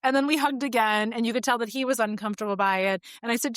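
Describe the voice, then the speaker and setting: A woman's voice: a little high, quick pace, few pauses, no room sound, clean studio sound. Reflective woman in her forties. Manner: reflective and open, with frequent fillers. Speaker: podcast guest. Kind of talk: candid conversational storytelling.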